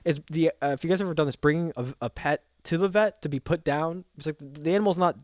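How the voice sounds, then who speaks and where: A man's voice: fairly high pitch, fast talker, dry recording, clean studio sound. A man co-hosting a game-dev podcast, telling rambling, swearing anecdotes in casual chat. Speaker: podcast co-host.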